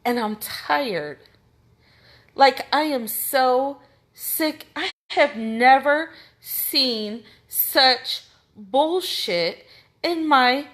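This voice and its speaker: A woman's voice: high-pitched, lively intonation, drawn-out words, a bit bright. An American woman with a Midwestern accent, speaking out for a missing person's family in an impassioned, indignant rant straight to the camera, repeating her points with emphasis.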